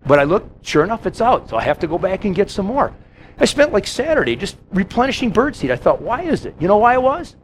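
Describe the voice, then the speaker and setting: A man's voice: sits high, sing-song. Guy preaching, jumps into little voices for stories, swoopy delivery, faint hiss behind. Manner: storytelling with quick acted-out quotes. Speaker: pastor. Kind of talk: sermon.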